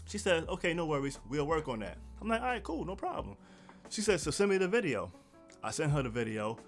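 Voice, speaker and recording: A man vlogging seated to camera, telling a story in a casual, animated way and acting out the people he quotes. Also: mid-range voice. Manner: animated, quotes others in raised voice. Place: indoors, seated at home. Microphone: camera mic, seated.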